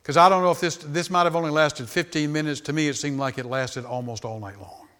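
A man in his sixties preaching a sermon, telling stories that start low and soft and build to loud, high, animated peaks. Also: fairly quick. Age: 60s. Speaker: pastor. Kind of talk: sermon storytelling.

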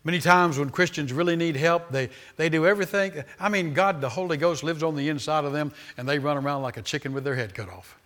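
A man preaching a sermon to a congregation at a church service. He swells loud on key words, repeats phrases, and drops in exclamations of praise between points. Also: fairly high pitch, fast talker, hardly any pauses.

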